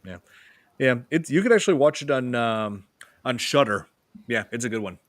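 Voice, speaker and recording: A man's voice: medium pitch, normal speed, no echo, clean studio sound. A man hosting a podcast, talking casually about horror films with lots of fillers and restarts. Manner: relaxed, many fillers and restarts. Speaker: podcast host.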